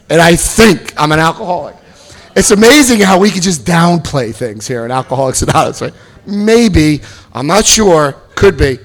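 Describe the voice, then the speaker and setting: At a recovery meeting, a man in his fifties gives his testimony with plenty of animation. He jokes around and jumps into high voices whenever he quotes someone.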